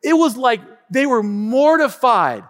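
A man preaching a sermon as a pastor, telling a story with animated energy and calling out to his congregation. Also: extremely high pitch, a little slow. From Tacoma, Washington. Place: church sanctuary. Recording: long reverb of a church hall.

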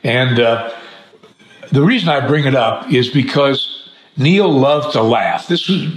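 Man, podcast host, animated storyteller, laughs easily, roomy echo. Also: mid-range voice. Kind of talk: conversational interview with storytelling.

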